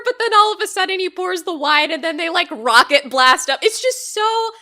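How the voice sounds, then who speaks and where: Bright, excitable woman podcaster. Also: extremely high pitch, normal speed, hardly any pauses. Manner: excitable, laughs often, swears casually. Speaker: podcast co-host. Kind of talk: casual anime review chat.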